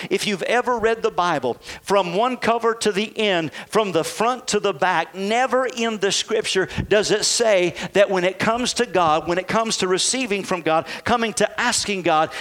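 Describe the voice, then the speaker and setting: Male pastor, high voice, preaching to a congregation, rhetorical questions. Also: a bit bright. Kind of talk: sermon.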